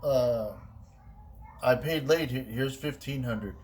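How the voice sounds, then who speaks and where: A man's voice: medium pitch, takes it slowly, darkish tone, lightly acted. A man voicing a friendly, generous older male rancher who talks earnestly and keeps saying "man".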